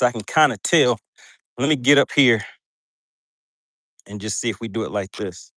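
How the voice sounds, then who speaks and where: A chatty man hosts a casual fishing livestream outdoors on a boat. His voice sits at a middle pitch and sounds dry, with little room echo. He talks loosely and laughs often. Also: moderate pace, long pauses, fairly bright tone. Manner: chatty, reads viewer comments aloud, laughs often.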